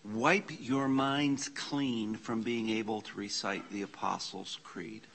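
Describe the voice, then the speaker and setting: A man leading an informal church class, slowly reading out Greek scripture and explaining the grammar with casual asides. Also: lowish voice, steady tone, vocal fry, a bit bright, slight background noise. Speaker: Bible study teacher. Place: church meeting room.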